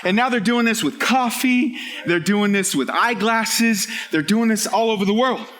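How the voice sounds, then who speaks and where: Animated, high-voiced preacher man. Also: normal speed. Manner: animated, emphatic, shouts for emphasis, jokes with the audience. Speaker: pastor. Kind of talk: energetic sermon. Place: church hall with a live congregation.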